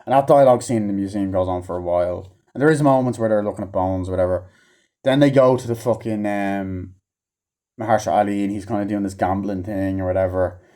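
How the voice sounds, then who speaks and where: A man's voice: lowish voice, fast talker, warm tone. A man rambling through a casual, profane movie review, with offhand asides and many fillers.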